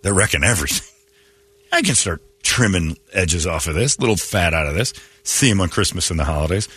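A man with a husky but bright voice hosts morning radio and talks bluntly. His pitch swings widely as he jokes and reads listener mail aloud. He sounds low-pitched and animated. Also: a little fast, no room sound. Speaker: radio show host. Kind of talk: casual morning radio banter.

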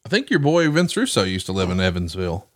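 A man's voice: low-pitched, wildly swooping pitch, fast. A man co-hosting a podcast, telling long, wry stories in casual chat. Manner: long wry storytelling asides. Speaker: podcast co-host.

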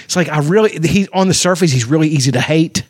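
A man's voice: fairly high pitch, fast, no echo, clean studio sound. A man in casual chat who swears freely, tells rambling stories and laughs often.

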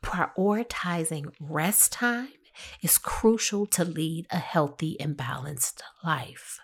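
A woman hosting a solo podcast, talking through her topic in a measured, explanatory way with a husky voice. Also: deep voice. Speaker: podcast host.

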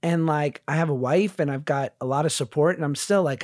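Higher-voiced, chatty male podcast guest. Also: a little fast, a little mellow, dry recording, studio quality. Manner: chatty, laughing, self-deprecating. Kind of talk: casual conversation.

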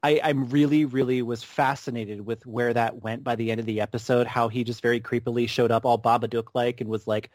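A man co-hosting a casual podcast chat, animated and quick to laugh. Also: mid-range voice, no echo. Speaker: podcast co-host.

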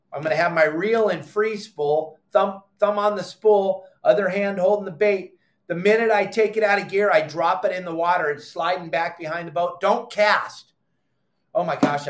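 A middle-aged man hosting a fishing podcast, explaining technique in an emphatic, animated way, repeating his commands and adding exasperated asides. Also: on the high side. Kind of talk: animated how-to fishing talk. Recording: echoey room.

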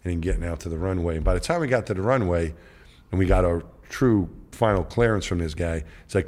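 A man's voice: low voice, quick pace, darkish tone. A middle-aged man, a guest on an interview show, telling a long rambling anecdote and acting out the dialogue of the people in it. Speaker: guest, former astronaut. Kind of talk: casual storytelling interview.

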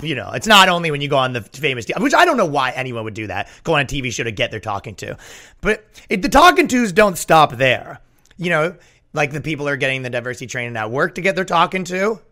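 A man hosting a comedy podcast, riffing sarcastically and jumping up in pitch for mocking asides. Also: pushed and bright. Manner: sarcastic, jumps in pitch for mock quotes.

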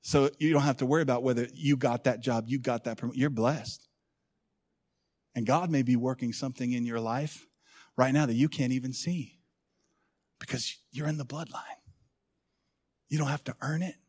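A middle-aged man preaching a sermon as pastor, swinging from hushed, intimate lows to loud rousing calls to the congregation. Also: steady tone, normal speed, pauses often, slightly rough.

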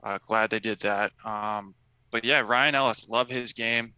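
A man's voice: fairly low pitch, steady tone, unhurried, pushed and bright, clear, resonant tone, no room sound, dull audio. A man co-hosting a casual sports podcast, talking in an enthusiastic, loose and chatty way. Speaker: podcast co-host.

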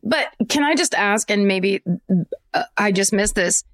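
A woman co-hosting a comedy podcast, chiming in with quick wisecracks and reactions. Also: medium pitch, expressive, fairly bright tone, no room sound, clean studio sound. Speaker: podcast co-host. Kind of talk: casual comedic podcast chat.

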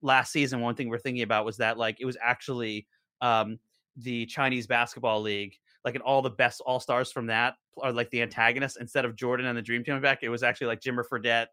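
Bright-voiced rambling storyteller. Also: male voice, mid-range voice, level tone, quick pace, no echo, studio quality. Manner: rambling storyteller with many fillers and restarts. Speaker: podcast guest, show co-creator. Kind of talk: casual chat.

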